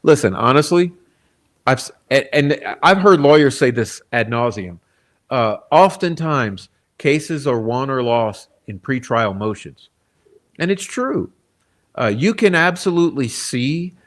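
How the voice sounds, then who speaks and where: Blunt, combative male crime commentator. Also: medium pitch. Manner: blunt, combative, frequent "okay?" asides. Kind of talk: casual commentary reading quotes.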